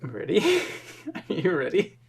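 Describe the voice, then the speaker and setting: A tipsy co-host reads posts aloud slowly and deliberately at a mid pitch, stretching out the words. The tone is relaxed and teasing. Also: vocal fry, a little hiss or hum. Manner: slow, drawn-out reading, dry teasing. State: tipsy from drinking. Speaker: podcast co-host. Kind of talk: casual reading and banter.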